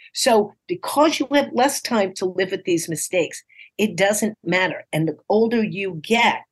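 A woman in her sixties from New York City, a comedian telling stories as a podcast guest in a lively, encouraging, punchline-driven way, often acting out quoted dialogue in playful voices. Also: medium pitch, husky. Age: 60s. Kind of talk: casual interview storytelling.

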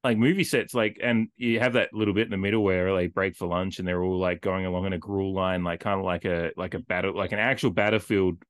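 Man, very low voice, dry close mic, casual podcast chat, rambling with lots of fillers. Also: fairly even intonation, brisk, hardly any pauses, dry recording. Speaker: podcast co-host. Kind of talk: casual film discussion podcast.

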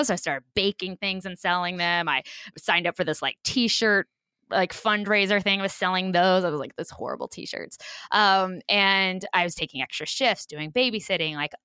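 A woman's voice: on the low side, clear, resonant tone, no room sound. A woman in her forties from Kansas, telling her life story in a chatty way, full of fillers, as a guest in an interview. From Kansas, USA. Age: 40s. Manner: chatty, animated, frequent fillers like "you know".

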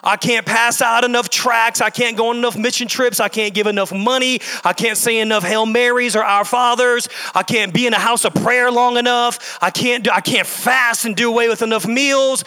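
Man preaching a sermon, high voice, emphatic repetition, long hall reverb. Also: steady tone, normal speed, hardly any pauses, sharp tone, clear, resonant tone. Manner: emphatic and repetitive, building in bursts. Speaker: pastor. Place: church sanctuary.

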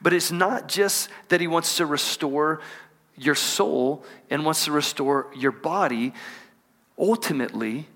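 A man preaching to a congregation in a church, his voice sitting a touch high for a man. He stretches out scripture readings slowly and calls for the room to answer and repeat after him. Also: a bit bright. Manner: call-and-response preaching, asks the congregation to repeat lines; drawn-out emphatic scripture reading. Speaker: pastor. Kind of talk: sermon. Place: church auditorium.

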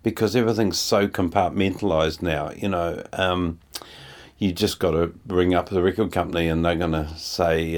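A man's voice: low-pitched, steady tone, normal speed. A man who composes music for ads, talking casually and rambling with many fillers and restarts. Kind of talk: casual conversation.

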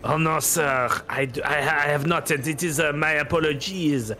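A man's voice: on the high side, normal speed. A man putting on a suave elf merchant. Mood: flattering. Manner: French-flavoured polite flattery. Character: suave smooth-talking male elf merchant.

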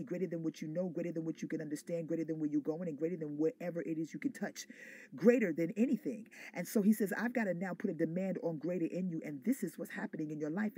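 Fervent woman preacher, husky and mellow. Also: fairly low pitch, dry recording. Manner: fervent, repetitive call-and-response preaching. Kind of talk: sermon.

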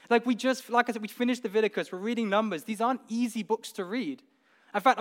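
A man's voice: high voice, a bit bright. A man preaching a sermon, earnest and building to emphatic peaks, often repeating words as he goes.

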